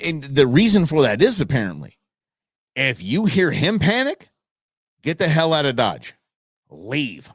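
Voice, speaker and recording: A man's voice: medium pitch, huge pitch swings, measured pace, long pauses, husky, dry recording, clean studio sound. A man hosting a live show, chatting casually with viewers and laughing often as he reacts to their comments. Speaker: livestream show host.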